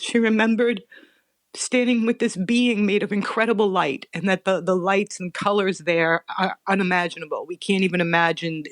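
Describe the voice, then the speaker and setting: A woman's voice: fairly low pitch, no room sound, studio quality. Earnest middle-aged woman telling a story. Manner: earnest, animated telling with frequent restarts. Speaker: guest. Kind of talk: personal storytelling.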